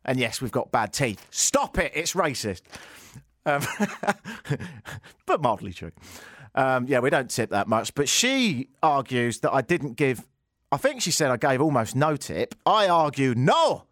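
A man's voice: mid-range voice, big pitch swings, a little slow, fairly bright tone, dry recording. A British man hosting a radio talk show, delivering a sarcastic, mock-outraged comedic monologue into a studio microphone. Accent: British English. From Britain.

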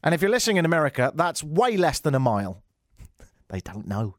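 A man's voice: fairly high pitch, big pitch swings, quick pace, no room sound, clean studio sound. A man hosting a comedy show, ranting sarcastically about tech news and mocking it with silly voices.

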